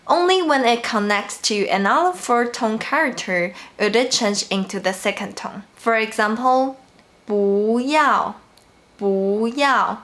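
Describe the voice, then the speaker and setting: Slow, deliberate woman teaching tones. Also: medium pitch, fairly bright tone. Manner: deliberate, pronounces example words slowly and repeats them. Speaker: Mandarin teacher. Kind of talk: slow, clear language lesson narration.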